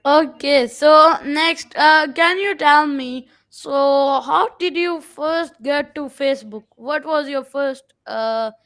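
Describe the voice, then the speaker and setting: Woman, interviewer, hesitant, halting, slow, high-pitched. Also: a bit bright. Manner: hesitant, many fillers, halting phrasing. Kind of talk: interview questions.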